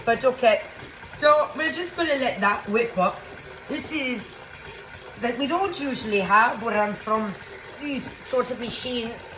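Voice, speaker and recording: A woman's voice: fairly high pitch, unhurried, noisy background, close to an everyday voice. A woman playing a scatterbrained, cheerful female Mad Hatter who hosts an improvised comedy cooking demo, talking in a rambling, flustered way with a Scottish-tinged accent that drifts. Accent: Scottish-tinged, shifting. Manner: rambling, flustered, chatty, muddles measurements. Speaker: cooking show host in costume.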